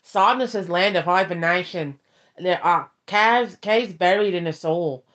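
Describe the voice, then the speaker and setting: A woman's voice: fairly low pitch, unhurried, a bit bright. A woman putting on an Australian-accented reader. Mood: solemn. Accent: put-on Australian. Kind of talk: ASMR poem reading. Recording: dull lo-fi stream audio.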